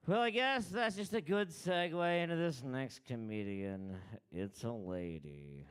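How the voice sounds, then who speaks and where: A man's voice: mid-range voice, expressive, a little slow, smooth. A man hosting an open mic comedy night, brash and crude, teasing the crowd between acts. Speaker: comedy show host. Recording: live mic in a bar room.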